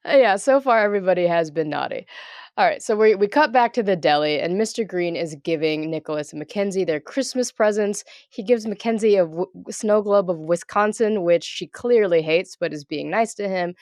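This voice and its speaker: A woman's voice: medium pitch, moderate pace, darkish tone, no echo. A woman co-hosting a podcast, recapping a movie plot in order with dry asides. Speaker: podcast co-host. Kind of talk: casual movie recap chat.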